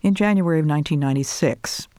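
An older woman giving a devotional talk, telling a personal story and reciting names of God in an earnest, measured way. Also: sits low, warm tone, no echo. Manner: earnest, measured, lists scripture names slowly. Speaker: Christian speaker.

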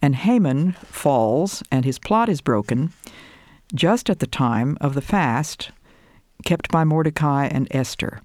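An older woman giving a devotional talk, telling a personal story and reciting names of God in an earnest, measured way. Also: low-pitched, animated, darkish tone, dry recording, studio quality. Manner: earnest, measured, lists scripture names slowly. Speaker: Christian speaker.

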